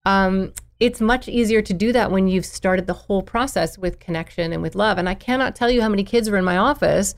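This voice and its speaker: Speaking a little fast with hardly any pauses, a woman child therapist with a mid-range voice explains parenting in a podcast interview. She's animated and acts out how parents and children behave.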